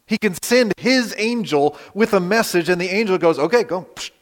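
Animated pastor with a high voice. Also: male voice, big-room sound. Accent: Western Pennsylvania. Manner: animated, rhetorical questions, dramatic pauses. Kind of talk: sermon. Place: church sanctuary.

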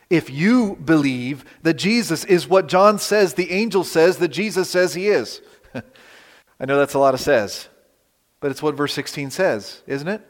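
A man with a Western Pennsylvania accent, preaching a sermon as pastor, animated with rhetorical questions and dramatic pauses. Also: a little high, big-room sound. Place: church sanctuary.

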